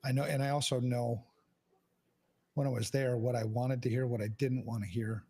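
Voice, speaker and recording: A man's voice: medium pitch, fairly even intonation, moderate pace, gravelly, warm tone, husky. A man hosting a podcast, talking frankly and casually, swearing often and restarting his sentences. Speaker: podcast host. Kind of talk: candid casual conversation.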